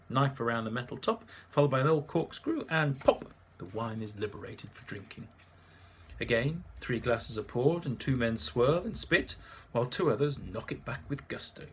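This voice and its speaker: A man's voice: medium pitch, slight background noise. A man narrating his memoir in a dry, wry manner.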